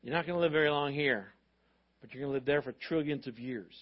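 A man preaching a sermon to his congregation. He talks in a lively, animated way and acts out voices of parents and of God. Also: medium pitch, fast, highs cut off. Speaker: pastor.

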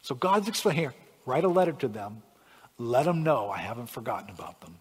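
A male pastor preaching a sermon, swinging from hushed lines to shouts. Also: medium pitch, very animated, brisk, husky. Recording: long hall reverb.

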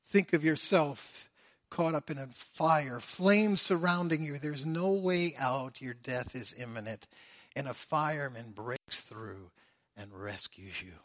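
A man preaching a sermon, swinging between loud, drawn-out emphasis and hushed, low phrases. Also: no room sound, clean studio sound. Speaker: pastor.

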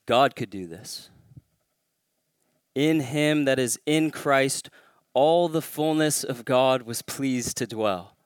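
A man's voice: mid-range voice, slow pace, smooth, no room sound, clean studio sound. A man preaching a sermon as a pastor, pressing hard on his main points and lifting his voice to stress them. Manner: emphatic, rising to stress key claims.

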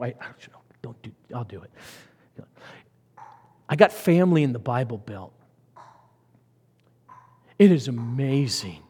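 A man preaching a sermon, swinging from loud emphatic lines to hushed whispers. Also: medium pitch, slightly rough. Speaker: pastor. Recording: long hall reverb.

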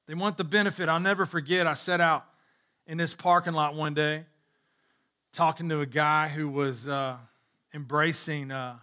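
A male pastor with a high, bright voice preaches earnestly and emphatically. He drives points home by repeating phrases and addresses the congregation in the pews directly.

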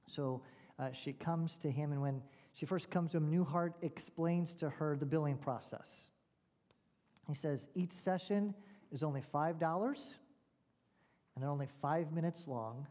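Male pastor, sermon delivery, deliberate pauses, rhetorical questions, long hall reverb. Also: medium pitch, mellow.

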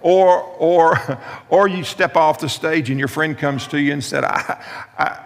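Gravelly preacher in a reverberant hall. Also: male voice, on the high side, measured pace. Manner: storytelling with humor, repeats key lines. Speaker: pastor. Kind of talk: sermon.

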